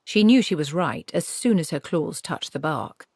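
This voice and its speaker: A woman reading a novel aloud as an audiobook narrator, in measured storytelling. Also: low voice, animated, darkish tone, slightly rough.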